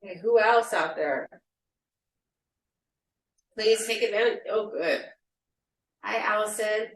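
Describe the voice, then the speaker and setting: A woman's voice: medium pitch, slow, reverberant, distant mic, low-quality recording. A woman co-hosting an online support meeting, calling on people and offering reassurance in phrases she repeats. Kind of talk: moderating a video call.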